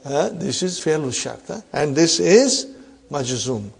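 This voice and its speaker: Man, grammar lesson teacher, slow delivery, repeats examples, keeps asking if the class follows. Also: fairly high pitch, very animated, gravelly, breathy edge. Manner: checks in often with "huh?" and "are you with me"; repeats example sentences slowly.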